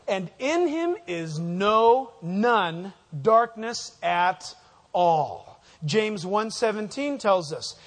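High-voiced preacher, emphatic teaching. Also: male voice. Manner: emphatic, asks the congregation fill-in questions. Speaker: pastor. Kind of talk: sermon, verse-by-verse Bible teaching.

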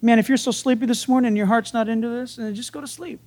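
A pastor with a very high-pitched voice preaches quickly in a conversational, folksy style. Animated throughout, he acts out the voices in his stories, including biblical dialogue.

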